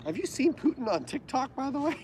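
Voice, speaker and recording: A man's voice: very high voice, very animated, fairly quick, crowd noise. A Canadian man co-hosting a casual livestream chat, jokey and prone to going off on tangents. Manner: chatty, jokey, goes off on tangents. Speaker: livestream co-host.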